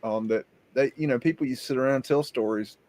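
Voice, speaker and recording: With a Southern US accent, a man hosts a casual live chat and spins rambling stories, restarting often. His medium-pitched voice runs fast and has a darkish tone.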